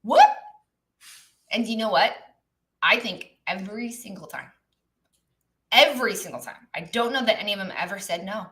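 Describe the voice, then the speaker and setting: A woman's voice: mid-range voice, normal speed, sharp tone. A woman coaching on a livestream, chatty, often trailing off and restarting her sentences as she talks through examples. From lived in many countries. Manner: chatty, reads the live chat, trails off and restarts. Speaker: business coach. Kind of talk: live-streamed coaching talk.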